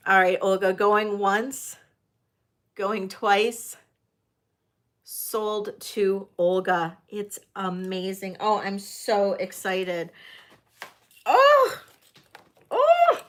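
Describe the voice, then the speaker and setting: A woman hosting a livestreamed vintage jewelry auction, chatting to viewers and gushing excitedly over the pieces. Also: medium pitch, very slow, pauses often. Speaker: host of a live jewelry sale. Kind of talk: live auction chat.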